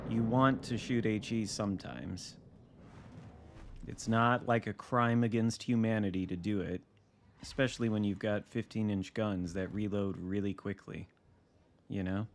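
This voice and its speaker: A man's voice: fairly low pitch, fairly even intonation, measured pace. A man streaming a naval battle game, chatting casually with dry, wry asides as he thinks aloud. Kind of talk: casual live gameplay commentary.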